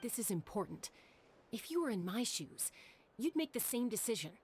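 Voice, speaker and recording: An actress voicing a calm, stubborn young woman who answers in a dry, matter-of-fact way in a video game cutscene. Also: on the high side, moderate pace, a little hiss or hum.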